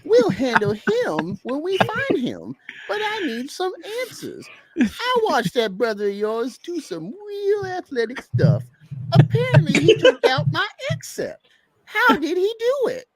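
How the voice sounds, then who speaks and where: A man voicing a loud, aggressive, bossy man from a comic book. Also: very high-pitched, wildly swooping pitch, measured pace, no echo, voice pushed up, heavily acted, rough recording. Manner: shouting, street-tough, bossy. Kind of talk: comic book dialogue read aloud.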